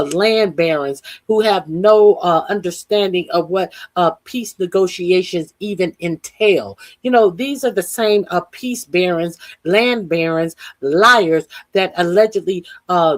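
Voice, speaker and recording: A woman talking through the news as a commentary host, heated and profane. She pauses on "uh" again and again and keeps putting rhetorical questions to her listeners. Her pitch sits in the middle range for a woman. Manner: heated, profane, with frequent "uh" fillers. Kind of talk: casual political commentary.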